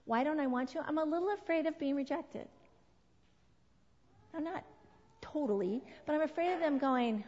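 A woman in her forties giving an earnest, emphatic sermon to a women's group, slowing down to stress key words. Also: high voice, a little mellow, a little hiss or hum. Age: 40s. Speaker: women's ministry speaker. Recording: dull sound with long hall reverb.

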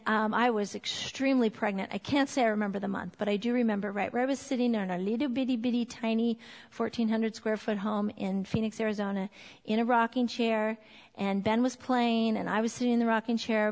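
A woman's voice: fairly high pitch, steady tone, a little fast. Woman in her 40s giving a church talk on parenting, chatty, lots of ums, big echoey hall sound. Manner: warm, chatty, laughs often, many fillers. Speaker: women's ministry speaker. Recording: long hall reverb.

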